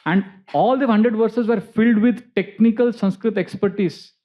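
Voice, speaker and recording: A man's voice: high voice, moderate pace. A man, a spiritual teacher giving a festival sermon class, telling a story and explaining terms with asides. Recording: dull lo-fi recording.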